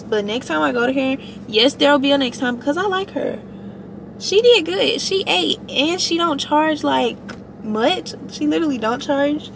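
A woman's voice: a little high, background noise. A young woman talking candidly to her viewers in a casual, slangy vlog chat. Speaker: vlogger.

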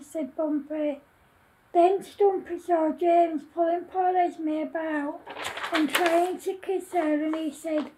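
A woman reading her own children's story aloud in a slow, deliberate, homely way. Her voice is very high yet mellow, and she takes her time over every line. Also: fairly even intonation, rough recording.

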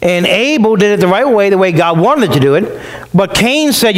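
A man's voice: high-pitched, very animated, a little fast, rough recording. A male pastor preaching a sermon in a conversational way, acting out the voices of the people he quotes. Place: church.

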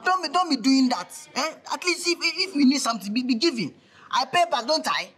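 A man plays a flustered, broke man begging over the phone. He stammers and repeats himself, his voice very high and lively, with a bright, sharp edge. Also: fairly quick, exaggerated voice. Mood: pleading. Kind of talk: comedy skit acting.

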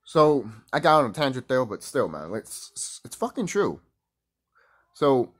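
A man's voice: mid-range voice, a bit bright. A man ranting casually to camera in a profane, heated and rambling way. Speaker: vlogger.

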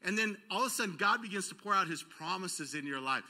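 Pastor guy preaching, high voice, super bright and sharp, tells stories and acts out the dialogue. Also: expressive, quick pace. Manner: storytelling, acting out dialogue, rising to emphatic peaks. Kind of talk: sermon with personal stories. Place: church auditorium.

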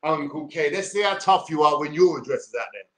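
A man's voice: on the high side, expressive, fairly quick. Profane London man ranting on a livestream. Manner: combative, profane, streetwise slang. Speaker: YouTuber. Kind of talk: livestream rant.

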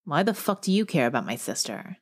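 Woman playing hostile young man, sneering insults, low voice, audiobook. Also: sing-song, brisk, slightly rough, exaggerated voice.

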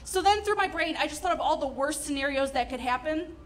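A young woman performing a stand-up comedy set, telling stories with animated, sarcastic asides. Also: sits high, brisk.

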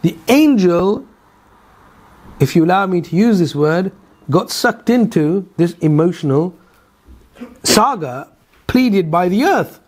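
A man with a high-pitched voice delivers a religious lecture as a Quran teacher. He tells the story in a storytelling way, asks his listeners rhetorical questions and breaks off into asides. He often hesitates on fillers and repeats words. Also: expressive, slow pace, long pauses, a little mellow.

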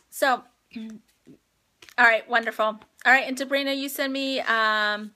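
A woman's voice: a little high, steady tone, slow pace, pauses often, bright, forceful tone. A woman hosting a live phone stream, chatting heartfelt and rambling with viewers as she announces giveaway winners. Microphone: phone livestream.

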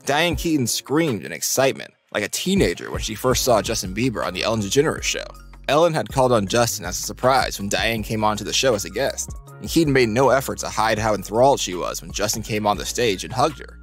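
A man reading a scripted countdown narration in an even, steady delivery. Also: on the low side, quick pace, faint music behind.

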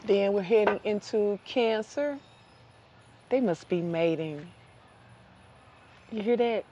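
A woman giving a casual outdoor tarot reading, lively and chatty, laughing often and repeating phrases for emphasis. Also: medium pitch, slow, dull audio, background noise. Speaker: tarot reader.

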